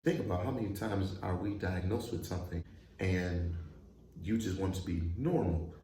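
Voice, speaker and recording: Laid-back, low-voiced man chatting about cartoons. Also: normal speed. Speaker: host. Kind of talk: casual reaction commentary. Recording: echoey room, faint noise.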